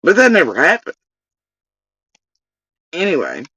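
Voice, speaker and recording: Woman, livestream rant, profane, forceful, lively pitch. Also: unhurried, slightly rough, no room sound, far from the mic, rough recording. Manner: profane, heated ranting.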